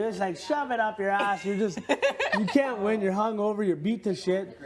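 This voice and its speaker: A man's voice: high voice, steady tone, normal speed, a loud crowd. A man telling a story in casual conversation, swearing freely and acting out the people in it with laughter. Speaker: reality show houseguest.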